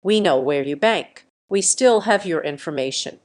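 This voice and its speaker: A woman voicing a frantic, threatening middle-aged mother who turns low and menacing. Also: lively intonation, moderate pace, natural voice. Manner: breathless then low and menacing.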